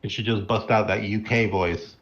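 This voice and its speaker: Very deep-voiced, dry male co-commentator. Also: normal speed, muffled recording. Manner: flat, dry delivery, swears casually. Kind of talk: casual live race commentary.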